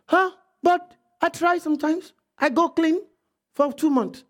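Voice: extremely high pitch, a little slow. A preacher putting on the voice of a struggling believer who pleads weakly and sounds defeated. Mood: pleading. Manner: whiny, defeated, quiet.

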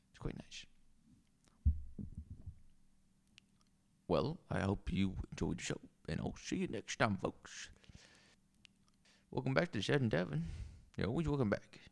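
A man's voice: medium pitch, gravelly, dry recording. A man voicing a crude, rambling male bar owner with a put-on Southern accent who swears a lot. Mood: announcing, gruff. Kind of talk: improvised character comedy.

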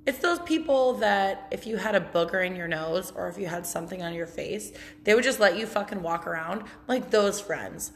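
A woman's voice: medium pitch, normal speed, few pauses, a little hiss or hum. A woman with a mid-range voice talks casually through a podcast story, blunt and profane. She keeps a chatty, candid rhythm and laughs often. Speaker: podcast host.

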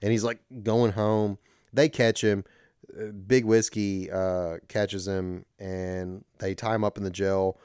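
A man's voice: lowish voice, flat delivery, slow, a little mellow, clear, resonant tone, no room sound, studio quality. A man co-hosting a podcast, recapping a film plot in a loose, rambling way. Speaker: podcast co-host. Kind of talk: casual chat.

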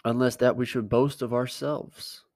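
A man's voice: medium pitch, level tone, a little slow, darkish tone, no echo. A male pastor giving a conversational sermon, plain-spoken and emphatic, repeating his key words.

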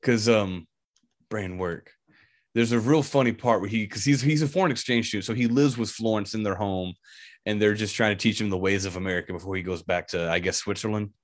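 A man's voice: on the low side, brisk. A man co-hosting a casual movie discussion podcast, laughing often and acting out lines from scenes. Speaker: podcast co-host.

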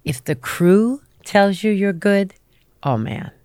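A middle-aged actress, a guest on a chat show, telling stories in a lively, casual way and acting out the voices of the people she quotes. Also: mid-range voice, slow, no room sound, clean studio sound. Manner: animated, acts out quoted voices.

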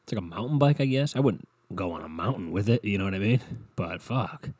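A man with a fairly low voice rambles through a podcast story, cursing freely and poking fun at himself. The sound is close and dry, with no room around it. He keeps it loose and conversational, like chatting with a co-host. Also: expressive, a little fast, a little mellow, husky, no echo. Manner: swears a lot, rambling, self-mocking. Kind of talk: casual profane storytelling rant.

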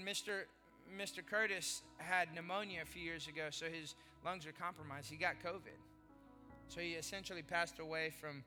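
Bright-voiced male pastor preaching. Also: high voice. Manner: passionate storytelling, emphatic. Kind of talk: sermon. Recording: long hall reverb, faint music.

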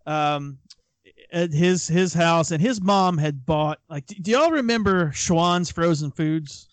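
30s guy, kinda high voice, rambly storytelling on a podcast, dry close mic. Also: takes it slowly, no echo. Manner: rambling anecdotes with frequent restarts and fillers. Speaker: podcast co-host. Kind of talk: casual chat, storytelling.

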